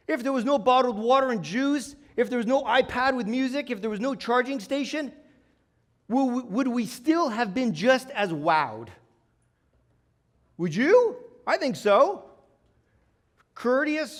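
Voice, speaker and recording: Energetic, high-voiced keynote speaker. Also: male voice. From Toronto, Canada. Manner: energetic, humorous storytelling with audience banter. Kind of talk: live comedic keynote presentation. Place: conference stage before a live audience.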